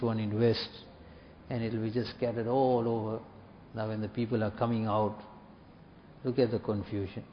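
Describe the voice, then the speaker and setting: A man's voice: medium pitch, a little hiss or hum. Man preaching in an echoey mosque hall. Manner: measured, repeats words for emphasis, drops to soft tones. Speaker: imam giving a talk. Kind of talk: sermon. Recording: dull, reverberant hall recording.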